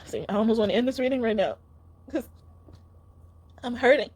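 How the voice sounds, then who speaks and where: A woman's voice: a little high, a little fast, a little mellow. A young woman giving a casual spiritual card reading, talking in an earnest, emotional, pleading way.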